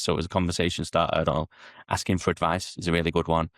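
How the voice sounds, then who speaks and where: A man, a podcast guest explaining sales in an animated way and acting out client conversations. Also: sits low, fast, no room sound, clean studio sound. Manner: animated, acts out sales dialogues in quotes. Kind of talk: podcast interview.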